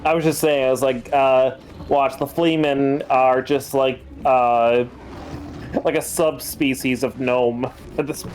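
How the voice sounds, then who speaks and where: A man's voice: medium pitch, steady tone, slow, darkish tone, soft background music. A man co-hosting a casual game stream, rambling with many fillers.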